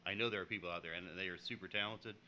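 Low-voiced American man, animated chatter. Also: rapid-fire, slight background noise. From United States. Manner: animated, laughing, acts out customers in voices. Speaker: podcast co-host. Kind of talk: casual chat.

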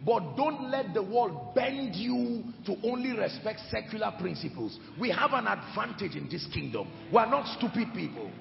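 Man preaching, emphatic, lively high voice, gravelly edge, echoing hall, music behind. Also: normal speed, few pauses, muffled recording. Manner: emphatic, swings from shouted to hushed. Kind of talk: sermon.

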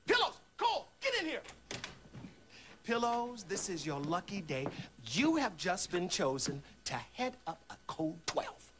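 A boastful high-voiced agent. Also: male voice, very animated, background noise. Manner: boastful, fast bursts of bluster. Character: brash self-important male Secret Service agent.

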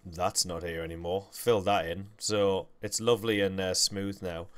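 A man's voice: sits low, flat delivery, moderate pace. A young man, hosting a game livestream with rambling, self-correcting, jokey commentary. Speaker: gaming livestream host.

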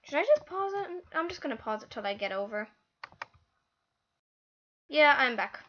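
High, bright, excitable female gamer. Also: moderate pace, lo-fi sound, a little hiss or hum. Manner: excitable, exclaiming, easily frustrated. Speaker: gaming channel host. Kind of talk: live gameplay commentary.

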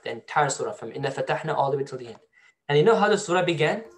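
A male teacher giving a storytelling Quran lesson to a class, often asking students questions. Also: fairly high pitch. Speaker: Islamic studies teacher.

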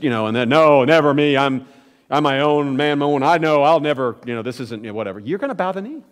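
A man preaching a sermon as pastor, telling stories conversationally with emphatic, rising peaks. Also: mid-range voice. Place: church sanctuary. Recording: long church hall reverb.

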